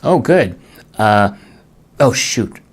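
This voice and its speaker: A man's voice: lowish voice, animated, extremely slow, husky. A man playing a board game solo and thinking aloud as he works through each turn, muttering and groaning at bad rolls.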